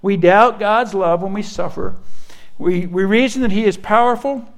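A pastor preaching a sermon in an earnest, conversational way. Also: male voice, high voice, normal speed.

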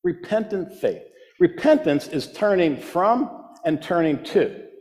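Man, preacher, emphatic sermon, repeats phrases, highish voice, reverberant hall. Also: very animated, measured pace, a little mellow. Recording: long reverb of a large hall.

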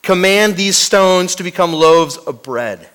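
A pastor quoting Satan, slow and taunting. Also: male voice, high voice, animated, fairly bright tone, clear, resonant tone, big-room sound. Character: Satan tempting, sly challenging male tempter.

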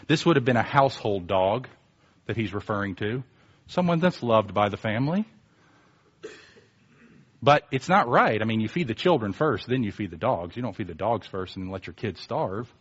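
A male preacher giving a conversational sermon, emphatic, swinging between quiet asides and animated bursts. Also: mid-range voice, normal speed, slightly rough, highs cut off.

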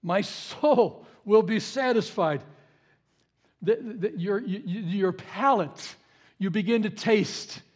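A man with a notably high voice preaches a sermon, chatting to his congregation more than lecturing. He drives points home by repeating them, jumping from loud emphatic bursts down to quiet low asides. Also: slow pace. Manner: conversational, repeats key phrases for emphasis. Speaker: pastor.

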